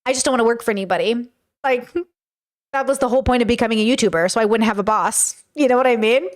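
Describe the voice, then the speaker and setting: High-pitched young woman streamer, rambly and sweary, just chatting with chat. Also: fast talker. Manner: rambling, filler-heavy, swearing. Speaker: streamer reacting to clips. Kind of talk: casual reaction chat to a live chat.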